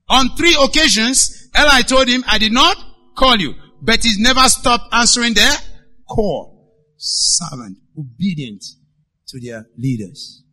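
Male pastor, sermon delivery, high voice with a very bright, piercing edge, emphatic and dynamic. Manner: emphatic, swings between loud and hushed.

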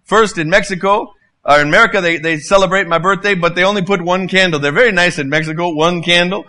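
A man in his fifties preaching a sermon as a guest preacher, telling humorous, animated stories. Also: sits high, fast talker. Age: 50s.

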